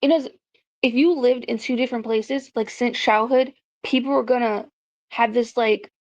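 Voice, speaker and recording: A woman's voice: a little high, steady tone, moderate pace. A woman from South Carolina, giving blunt, profane, exasperated commentary in a casual vlog. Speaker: commentary vlogger. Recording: muffled lo-fi audio.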